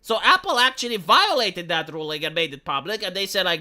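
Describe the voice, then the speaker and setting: Woman streamer with a Romanian accent: bright, lively pitch, sarcastic profane rant. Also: fairly quick. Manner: sarcastic, profane, mocking quoted voices. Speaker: live streamer. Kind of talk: ranting commentary stream.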